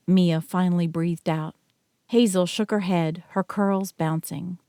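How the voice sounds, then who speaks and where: A woman narrating an audiobook in a measured, even reading. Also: lowish voice, dry recording. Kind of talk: scripted narration. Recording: dry close studio mic.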